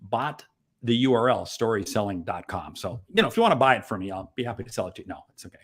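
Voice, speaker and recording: A man's voice: on the low side, fast talker, breathy edge. A middle-aged man hosting a sales podcast, upbeat and playful, cutting in with jokes. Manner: jokey, energetic, playful interjections. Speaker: podcast host. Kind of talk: upbeat interview chat.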